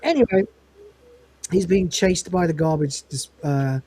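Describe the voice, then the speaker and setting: A woman's voice: fairly low pitch, animated, a little slow, mellow, husky. A woman podcast host in casual chat, recapping an episode with laughter, swearing and rambling asides.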